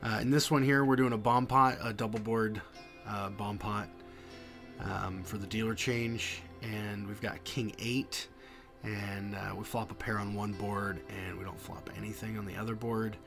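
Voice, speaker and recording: A man giving voice-over commentary on his poker hands, halting and full of fillers. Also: fairly low pitch, fairly even intonation, creaky, over music. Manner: halting, many fillers and restarts. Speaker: poker vlogger.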